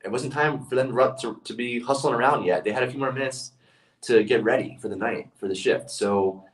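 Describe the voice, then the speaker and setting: A man's voice: mid-range voice, a little fast, far from the mic, low-quality recording. A man speaking as a leadership speaker in a casual monologue, telling stories earnestly and often restarting his phrases.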